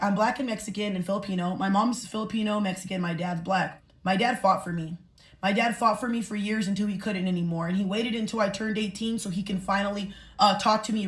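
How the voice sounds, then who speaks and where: A woman giving an impassioned, indignant monologue to her viewers. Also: mid-range voice. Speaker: social media commenter. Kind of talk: emotional monologue. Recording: roomy echo.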